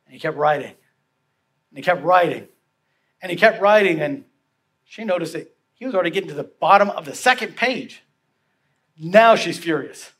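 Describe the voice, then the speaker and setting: A man preaching a sermon as pastor, telling a story with repeated phrases for emphasis and dropping to soft tones. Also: high voice.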